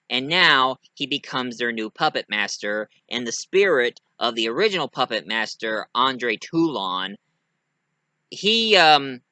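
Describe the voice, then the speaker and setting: A man casually telling his own fan story, rambling and hesitant with many fillers. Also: no echo. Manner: rambling, hesitant, lively pitch.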